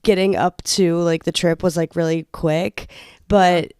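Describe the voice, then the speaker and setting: Laid-back young woman, smooth lowish voice. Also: a little slow, no room sound, studio quality. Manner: relaxed, filler-heavy rambling. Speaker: podcast co-host. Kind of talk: casual chat.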